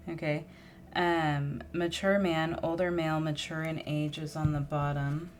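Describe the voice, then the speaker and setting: A woman's voice: sits low, flat delivery, measured pace, hardly any pauses, a little hiss or hum. A woman reading tarot cards in a casual, musing monologue, thinking aloud and getting emotional as she draws cards. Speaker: tarot reader.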